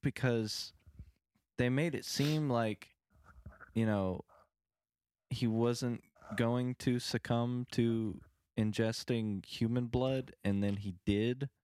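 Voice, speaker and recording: A man's voice: medium pitch, steady tone, takes it slowly, darkish tone, no echo, studio quality. A man co-hosting a casual film discussion, talking hesitantly and searching for words.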